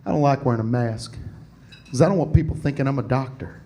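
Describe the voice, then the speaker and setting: A man's voice: mid-range voice, quick pace, dark tone, close to an everyday voice. A man voicing a male construction worker complaining in a matter-of-fact way, on stage at a comedy club. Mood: griping. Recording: live club with audience laughter.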